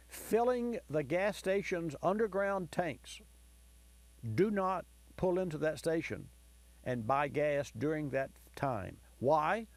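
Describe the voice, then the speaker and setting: A man's voice: a little high, darkish tone, dry recording. A man hosting a call-in car-repair radio show, explaining diagnostics in a folksy, explanatory way to callers and listeners. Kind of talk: call-in advice talk.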